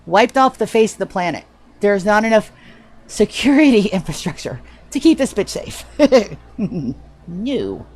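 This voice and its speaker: A woman's voice: mid-range voice, very animated, measured pace, a little mellow. Chatty, profane woman streamer. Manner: chatty, profane, self-mocking. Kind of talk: casual live gameplay chat.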